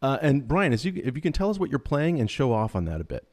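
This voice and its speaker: A man's voice: medium pitch, big pitch swings, fast, darkish tone. A man hosting a live online guitar show, upbeat and joking, with frequent ums. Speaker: host.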